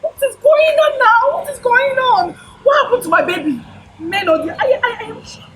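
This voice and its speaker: A woman's voice: very high-pitched, big pitch swings, normal speed, a little hiss or hum, full character voice, low-quality recording. An actress with a Nigerian accent playing a distraught young woman who has lost her memory, frantic and accusing. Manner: frantic, accusing, often shouting. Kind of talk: Nollywood film acting.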